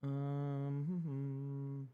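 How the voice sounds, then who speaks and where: A man's voice: mid-range voice, little pitch movement, drawn-out words, clean tone, narrow, tinny audio, faint music behind. A young man from Massachusetts with a light Boston accent, chatting casually on a live stream, reading chat aloud and rambling with lots of repeated words.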